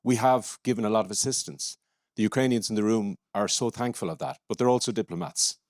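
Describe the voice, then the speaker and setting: A man with an Irish accent, an academic in the audience, asking a forceful, impassioned question at a conference. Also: on the low side, fairly quick, no room sound, studio quality. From Ireland. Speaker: audience member, university academic. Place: conference room.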